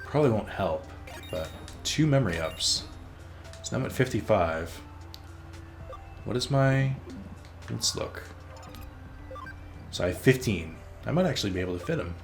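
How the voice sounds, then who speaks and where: A man's voice: on the low side, expressive, unhurried, vocal fry, pauses often, faint music behind. A man hosting a let's play, rambling casually as he plays, swearing freely and teasing himself. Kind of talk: casual gameplay commentary.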